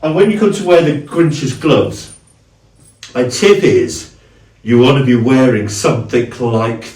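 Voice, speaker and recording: A man talks through his costume in a relaxed, chatty way, stopping and restarting as he goes. He sounds a bit far from the mic, and the room echoes around him. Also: mid-range voice. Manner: chatty, halting, with fillers and restarts. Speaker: cosplayer, video host. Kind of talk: casual costume walkthrough.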